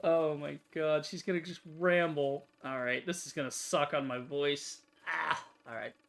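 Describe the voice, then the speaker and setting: A woman's voice: low voice, fairly even intonation, measured pace, creaky. A woman hosting a gaming channel, chatting casually through a game, swearing and laughing often. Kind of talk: let's play commentary.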